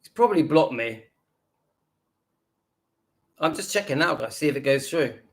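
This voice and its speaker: A man's voice: mid-range voice, expressive, normal speed. A man, hosting his own channel and ranting indignantly in a reaction video, repeating his points with emphasis. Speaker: YouTube channel host.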